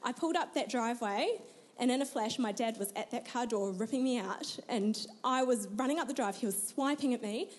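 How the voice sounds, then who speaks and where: A young woman tells her life story with earnest feeling. Her voice sits a little high. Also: a little fast. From New Zealand. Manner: earnest, emotional storytelling with frequent laughs. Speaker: guest. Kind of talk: personal testimony in an interview.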